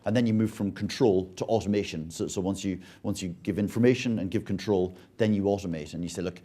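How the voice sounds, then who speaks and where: A man's voice: low-pitched, quick pace, dark tone. An Irish man speaking on a conference panel, often stumbling and repeating words as he restarts his sentences. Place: conference stage.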